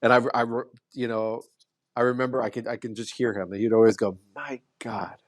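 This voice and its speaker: A man at a mid pitch, a podcast guest speaking in relaxed conversation. He tells his story earnestly and keeps restarting phrases. His voice is close and dry, with no room sound. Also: fairly quick, dry recording. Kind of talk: casual conversation.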